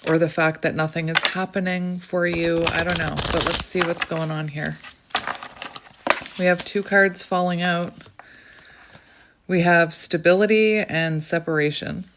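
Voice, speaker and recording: A woman's voice: lowish voice, background noise. A woman who is out of breath, giving a rambling, musing tarot reading in a casual spoken style. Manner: musing, rambling, filler-heavy. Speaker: tarot reader.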